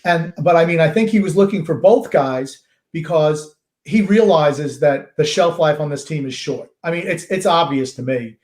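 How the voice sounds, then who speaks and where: A man's voice: a little high, normal speed, darkish tone. An older man co-hosting a podcast in casual chat, stressing words emphatically and drawing some out. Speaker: podcast co-host. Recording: roomy echo.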